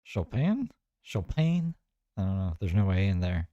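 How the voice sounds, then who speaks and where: Wry low-voiced man reacting to clips. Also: little pitch movement, fast, warm tone, dull audio, slight background noise. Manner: wry, musing, talks to viewers. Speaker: commentator reacting to videos. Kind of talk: casual commentary.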